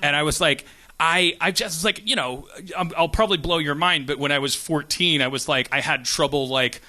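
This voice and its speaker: A man hosting a podcast and spinning a comic story, with a high voice and a very bright, sharp tone. He rambles and restarts often. He keeps switching into acted-out quotes as he goes. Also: normal speed. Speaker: podcast host. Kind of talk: comedic storytelling.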